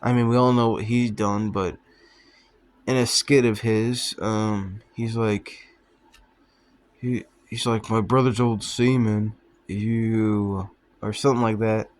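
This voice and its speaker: A man's voice: lowish voice, flat delivery, a little slow, pauses often, smooth. Profane rambling young man. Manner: profane, offhand, laughs at his own stories. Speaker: vlogger. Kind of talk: rambling casual storytelling.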